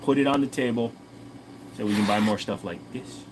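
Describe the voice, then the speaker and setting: A man's voice: lowish voice, a little fast, background noise. Profane, joking Tennessee man in his forties. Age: 40s. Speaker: livestream host. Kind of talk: casual livestream chat.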